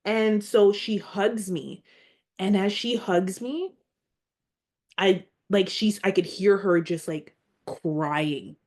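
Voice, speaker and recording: A woman's voice: medium pitch, darkish tone. A woman speaking as a podcast guest, telling a personal story in a heartfelt, earnest way and sometimes near tears. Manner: heartfelt, earnest, slow and reflective.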